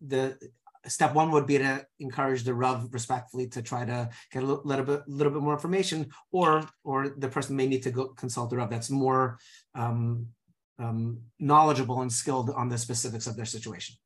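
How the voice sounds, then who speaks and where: Brief: male podcast host, mid-pitched, halting, thinks aloud as he asks. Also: fairly even intonation, a bit bright. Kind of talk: podcast interview.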